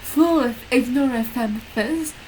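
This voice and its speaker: A woman voicing an evil male dark wizard who delivers slow, theatrical threats in old-fashioned words. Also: high voice, a little hiss or hum, low-quality recording. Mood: gloating.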